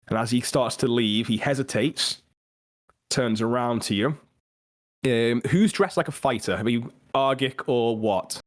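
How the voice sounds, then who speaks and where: A man's voice: medium pitch, unhurried. Chatty male game master narrating. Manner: loose, chatty narration with fillers.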